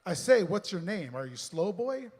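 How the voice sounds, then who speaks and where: A man voicing a nosy, pushy bus driver who talks in rough slang and scolds, read aloud on stage with a long hall reverb. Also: high voice, sing-song, normal speed, a little mellow, exaggerated voice.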